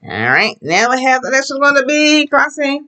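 A Spanish teacher leading a classroom lesson, enthusiastic and slowing down to model words for the class to repeat. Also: high-pitched, sing-song, sharp tone. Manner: slows down to model pronunciation.

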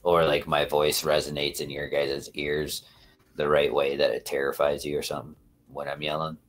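A man's voice: rumbling low, little pitch movement, moderate pace. A man hosting a casual livestream, rambling and swearing as he talks to his viewers. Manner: rambling, profane, talks to chat. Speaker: livestream host.

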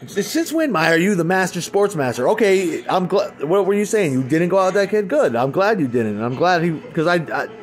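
A man vlogging an angry, profane rant, swinging between low muttering and loud outbursts. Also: very animated, a little fast, few pauses.

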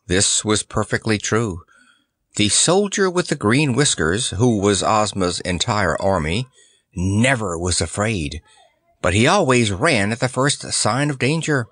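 Male audiobook narrator, animated intonation, dry close recording. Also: lowish voice, measured pace, no echo. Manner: expressive, varied reading of a children's tale. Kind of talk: storybook narration.

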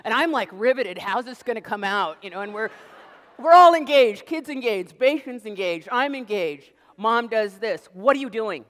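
A middle-aged American woman giving a lively public lecture, telling stories and acting out little voices. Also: fairly high pitch, moderate pace. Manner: animated storytelling, acts out voices. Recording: reverberant lecture hall.

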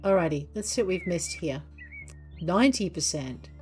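Chatty low-voiced woman commenting on a game. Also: lively intonation, normal speed, darkish tone, soft background music. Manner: chatty, talks fondly to her dog between game steps. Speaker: gaming channel host. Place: home. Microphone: desk microphone.

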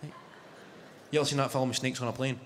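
A man's voice: medium pitch, fairly even intonation, fast, slight background noise. A Scottish man in his twenties doing a live stand-up routine, telling a story with swearing and punchy lines. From Scotland. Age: 20s. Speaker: stand-up comedian. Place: large arena, live audience. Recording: echoey arena with loud crowd laughter.

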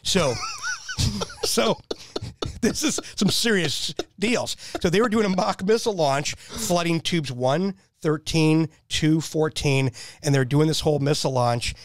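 Fiftyish male veteran guest, eager rambling storyteller, somewhat high voice, dry close sound. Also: measured pace, no room sound. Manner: enthusiastic, rambling storyteller who repeats himself. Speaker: podcast guest, military veteran. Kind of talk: casual storytelling.

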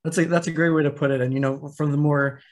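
A man's voice: a little high, fairly even intonation, quick pace. A man moderating an online panel, speaking in a thoughtful, academic way with frequent fillers. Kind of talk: panel discussion. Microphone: video call.

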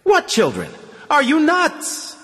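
A man voicing an irate, bullying male border guard who shouts his orders, in an audiobook reading with long reverb. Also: high voice, expressive, moderate pace, pitched above the performer's own voice. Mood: angry shouting. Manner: shouting, abusive.

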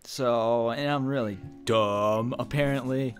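A man's voice: mid-range voice, slow, soft background music. Goofy self-mocking gaming man. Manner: goofy, self-deprecating, excitable. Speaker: gaming YouTuber. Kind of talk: let's play commentary.

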